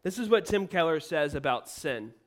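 A man's voice: fairly high pitch, expressive, moderate pace, fairly bright tone. A man preaching a sermon, emphatic and full of rhetorical questions.

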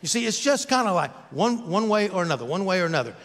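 An older male pastor preaching a sermon in a conversational way, full of rhetorical questions to the congregation. His voice sits a little high for a man, and a long church reverb trails after his words. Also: sing-song, fast talker, a bit bright. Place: church sanctuary.

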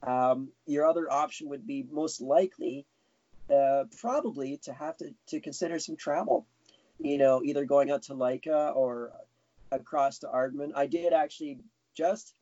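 A man's voice: medium pitch, steady tone, normal speed, dark tone, no room sound. A man being interviewed, chatting casually with lots of restarts. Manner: rambling, self-correcting, chuckling. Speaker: guest animator. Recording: dull lo-fi sound.

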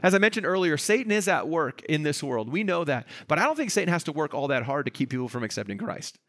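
A man's voice: on the high side, quick pace, no room sound, clean studio sound. A male pastor preaching a sermon, explaining a scripture passage and acting out its dialogue in different voices. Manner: animated, acts out the dialogue of a reading in voices.

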